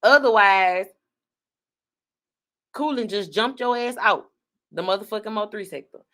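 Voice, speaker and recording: A blunt woman host gives casual commentary, profane and quick-spoken. Her pitch sits in a middle range. She speaks her mind freely, like someone chatting to regular listeners. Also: a bit bright. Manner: blunt, profane, fast-talking. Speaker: online radio host. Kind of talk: casual commentary on online drama.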